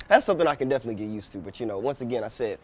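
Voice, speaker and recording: An American man in his thirties hosting a casual travel vlog, telling stories in an animated, profane way. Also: medium pitch, rapid-fire, a little hiss or hum. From United States. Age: 30s. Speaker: vlog host.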